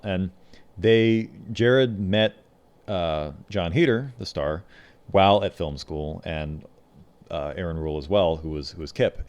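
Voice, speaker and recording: A podcast co-host with a deep, slightly mellow voice casually tells behind-the-scenes anecdotes about a film. In this laid-back chat, he slips into quoted voices.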